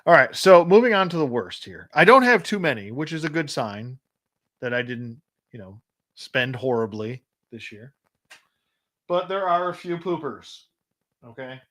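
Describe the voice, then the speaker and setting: Man, fairly high pitch, blunt rambling toy review chat. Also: big pitch swings, normal speed, a bit bright, low-quality recording. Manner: rambling, blunt, repeats and restarts while complaining. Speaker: action figure collector and channel host. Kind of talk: casual livestream toy review.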